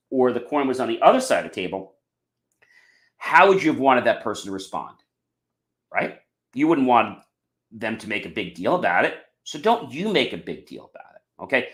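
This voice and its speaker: A man hosting a podcast and giving a motivational talk, emphatic, often tagging on "okay" and addressing the audience as "ladies and gentlemen.". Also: mid-range voice. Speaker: podcast host. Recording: roomy echo.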